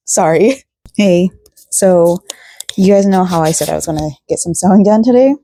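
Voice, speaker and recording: A woman's voice: lowish voice, normal speed, mellow, dry recording, studio quality. A woman craft vlogger chatting casually at home at night, rambling and full of fillers. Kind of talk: casual vlog chat.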